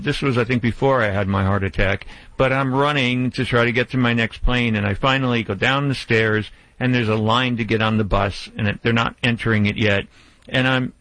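A man's voice: medium pitch, no echo, rough recording. Chatty male radio host telling a story in a dry studio booth. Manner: storytelling, chatty, animated retelling. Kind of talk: casual radio chat.

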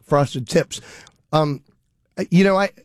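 A man's voice: a little high, takes it slowly, clear, resonant tone, no room sound. A middle-aged man hosting a radio show in casual, rambling chat, a bit mumbly with a summer cold and a cough drop in his mouth. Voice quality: slightly mumbled. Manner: rambling, self-deprecating, joking. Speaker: radio host.

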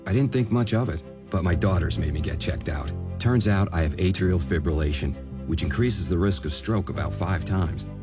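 A man's voice: low voice, normal speed, music in the background, natural voice. A middle-aged man speaking as a farmer in a radio ad, telling his story plainly and earnestly. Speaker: farmer in a health ad.

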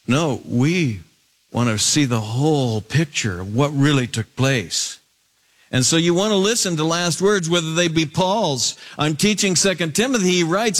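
A man preaching an expository sermon, climbing to emphatic high peaks and dropping low and quiet to read scripture. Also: expressive, moderate pace. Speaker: pastor.

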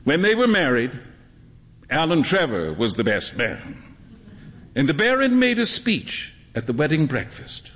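A man's voice: a little high, measured pace, in a large hall, a little hiss or hum. A man performing a theatrical live reading of a classic short story. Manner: expressive, theatrical. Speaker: reader.

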